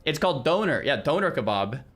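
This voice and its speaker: Animated streamer man. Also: on the high side, fairly quick. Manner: animated, exclaims loudly and rambles with restarts. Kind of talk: casual livestream chat with viewers.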